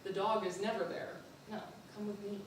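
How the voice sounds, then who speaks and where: A woman voicing a kindly elderly man with a gentle, insistent manner, recorded from far off in an echoey hall. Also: medium pitch, flat delivery, normal speed, background noise, close to an everyday voice. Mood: gentle insistence. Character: kindly elderly Scottish man, church guide.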